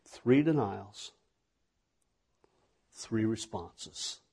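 A man's voice: lowish voice, lively intonation, extremely slow, creaky, darkish tone, breathy edge. A man preaching a sermon in a conversational way, asking the listeners questions. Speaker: pastor.

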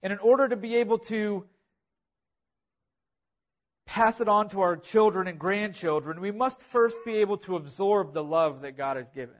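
A man's voice: sits high, normal speed. A man preaching a sermon, earnest and repetitive, building emphasis on key phrases. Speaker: pastor.

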